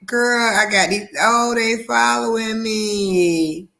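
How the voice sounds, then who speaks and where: A woman's voice: a little high, steady tone, slow pace, gravelly, pushed and bright. A woman co-host in casual chat, talking in a rambling way with frequent restarts and easy laughter.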